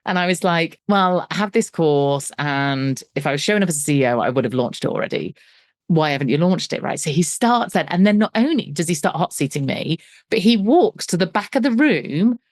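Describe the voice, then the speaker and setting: A woman's voice: deep voice, animated, fairly quick, dry recording, clean studio sound. A middle-aged woman, a business coach interviewed as a guest, telling her story animatedly and acting out the dialogue with self-deprecating humour. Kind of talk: conversational storytelling.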